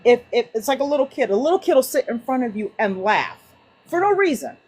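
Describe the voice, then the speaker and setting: A woman on an online group call, sharing casually with lively, acted-out anecdotes and frequent restarts. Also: fairly high pitch, a little fast, husky, poor audio. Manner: animated storyteller, many restarts and acted-out quotes. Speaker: book club participant.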